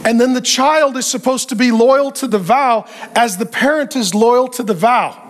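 A man preaching a sermon as a pastor, animated and joking, and acting out the voices he quotes. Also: very high voice, moderate pace.

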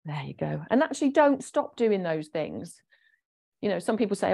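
A woman leading a gentle exercise class, chatty and encouraging as she explains each movement. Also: medium pitch, very animated, normal speed, gravelly. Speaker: fitness instructor.

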